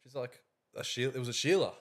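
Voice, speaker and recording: A man's voice: medium pitch, fast, fairly bright tone. A young Australian man co-hosting a podcast, telling stories in casual, sweary chat. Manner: swearing, laughing storyteller. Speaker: podcast co-host.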